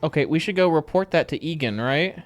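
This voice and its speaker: A man's voice: a little high, expressive, fairly quick, soft background music. A man streaming a game, keeping up a dry running commentary and talking back to the game. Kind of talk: casual live-stream gameplay chat.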